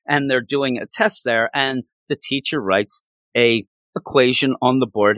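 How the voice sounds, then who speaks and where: A man hosting a casual podcast chat about a book, animated and acting out character lines. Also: mid-range voice, measured pace, no room sound. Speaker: podcast host discussing a book.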